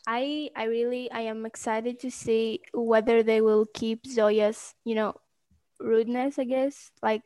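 A woman joining a casual fan chat. She speaks in a measured, earnest way. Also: on the high side, flat delivery, dark tone, clear, resonant tone.

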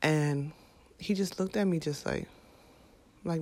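Here a mother speaks to her camera in a reflective, heartfelt, casual way, halting often and full of fillers and restarts. Her low voice comes across a little mellow.

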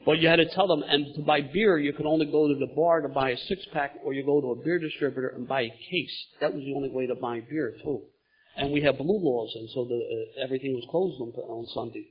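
A middle-aged man telling his recovery story at a meeting, lively and laughing as he goes. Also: mid-range voice, a little fast, husky. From Philadelphia, USA. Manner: animated storytelling, gets loud and laughing at funny parts. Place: meeting room in front of an audience. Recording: dull lo-fi meeting recording.

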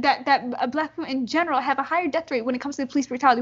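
A fast, high-voiced woman ranting in casual conversation, all outrage and curse words, stacking one rhetorical question on the next. The recording is dull and lo-fi. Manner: indignant, profane, fires rhetorical questions. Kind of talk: heated casual chat.

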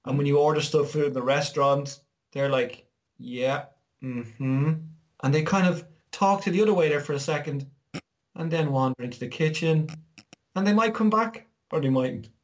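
Irish man, slightly high voice, lively storyteller for a casual chat. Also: a little fast. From Ireland. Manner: animated storyteller, acts out quoted voices.

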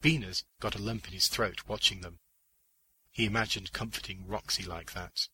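A man narrating a short story in a measured, deliberate audiobook reading on a close mic. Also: lowish voice, steady tone, sharp tone, slightly rough, poor audio. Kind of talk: scripted audiobook narration of fiction.

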